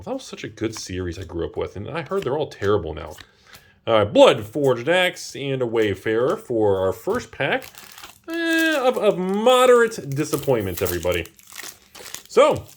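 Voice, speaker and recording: Excitable man opening card packs. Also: mid-range voice. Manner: excitable, exclaims over cards. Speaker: channel host. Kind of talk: casual pack-opening commentary.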